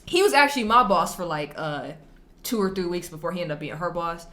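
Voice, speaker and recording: A woman hosting her own reaction video. She tells stories casually in slang and with emphasis. Her voice is bright and forceful, and it swings widely in pitch. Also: fairly quick. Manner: animated storytelling, slangy and emphatic.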